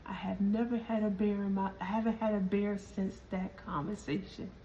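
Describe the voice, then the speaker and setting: A woman's voice: medium pitch, steady tone, normal speed, warm tone, a little hiss or hum, natural voice, rough recording. A woman voicing a weary woman she met on the street, talking plainly and tired, within a spoken story. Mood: earnest.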